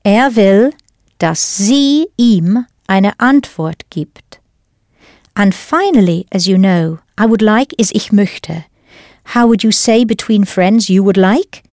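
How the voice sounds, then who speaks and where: Woman teacher reading a language lesson, slow and clear, lively ups and downs, dry studio sound. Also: mid-range voice, no echo. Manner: patient, deliberate explaining with model phrases. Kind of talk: scripted audio language lesson.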